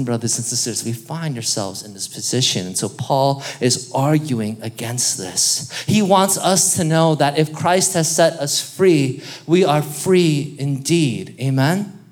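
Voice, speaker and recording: A man preaching a sermon in a lively, conversational way, joking with the congregation and calling on them to respond. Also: fairly high pitch, unhurried. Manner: lively, conversational preaching with jokes and audience interaction. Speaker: pastor.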